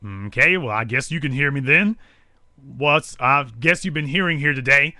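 Hosting a live talk show, a man delivers fiery political commentary that is angry, preachy, and full of repetition. His medium-pitched voice is pushed and bright at a moderate pace, captured dry with clean studio sound.

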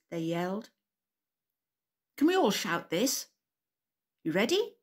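A woman leading a preschool worship session, telling a Bible story slowly and expressively for small children. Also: fairly low pitch, sing-song, echoey room. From England.

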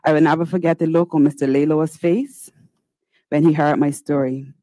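A woman's voice: sits low, fairly even intonation, mellow, dry recording, low-quality recording. A woman senator, giving a formal, earnest, pleading speech in a legislative chamber. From Bermuda. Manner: earnest, pleading, with slow deliberate pauses.

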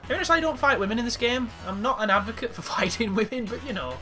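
A man commentating a video game playthrough, excitable and crude, with sudden exclamations. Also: very high voice, measured pace, pauses often. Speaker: gameplay commentator. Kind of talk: let's play commentary. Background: game music.

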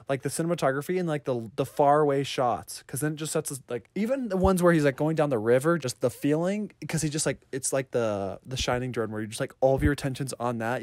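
A man's voice: medium pitch, dry recording. A man co-hosting a casual movie podcast, rambling and full of filler words. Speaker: podcast co-host. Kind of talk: casual movie review chat.

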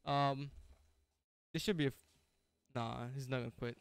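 A man's voice: mid-range voice, steady tone, moderate pace, gravelly, pauses often, smooth, dry recording. A young man streaming a game live, chatting casually with viewers, full of slang, frequent laughs and restarts. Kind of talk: casual live-stream chat while gaming.

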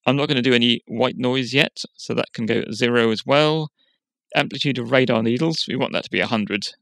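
A man hosting a software tutorial, explaining each step in a plain, steady way. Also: medium pitch, fairly quick, vocal fry, dry recording. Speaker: tutorial host. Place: quiet room.

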